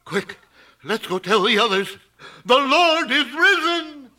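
A man playing an impulsive disciple in a radio drama, urgent and excited. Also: high-pitched, slow pace, recorded from a distance, full character voice. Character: eager impulsive disciple, Peter.

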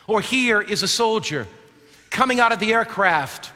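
A male preacher giving a sermon, dramatic, swinging from loud calls to hushed, quiet lines. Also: high-pitched, animated, moderate pace. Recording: long hall reverb.

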